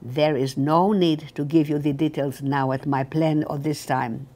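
An older woman reading the lines of a young male German guard who speaks to her in a low, hushed and urgent voice. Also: fairly even intonation, unhurried.

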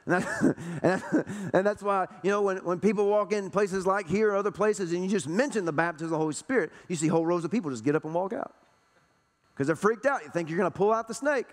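Talking fast in a high voice, a preacher pounds his congregation with repeated rhetorical questions, his emphatic sermon trailing long reverb around the church sanctuary.

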